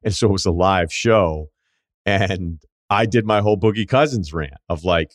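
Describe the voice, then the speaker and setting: A deep-voiced middle-aged man hosts a podcast in a loose, chatty way. He tells stories emphatically, tossing in quick asides. His voice sits close and dry on the studio mic. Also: dry recording. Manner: emphatic storytelling, quick asides, frequent laughs. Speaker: podcast host. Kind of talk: casual chat.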